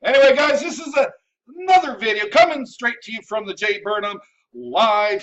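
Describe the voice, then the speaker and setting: A brash man with a very high, bright, forceful voice rants bluntly about failure and laziness, mocking and joking. He sounds set back from the mic, on a dull lo-fi recording. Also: expressive, normal speed, distant mic. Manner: brash, mocking, jokey put-on accent. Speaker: host. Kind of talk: blunt motivational rant. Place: home office.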